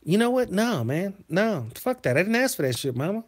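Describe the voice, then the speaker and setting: Animated, profane livestream host. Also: male voice, high-pitched, a little fast, few pauses, breathy edge. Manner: profane, animated, swings into loud outbursts. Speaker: livestream host reading chat. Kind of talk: casual storytelling to a live chat.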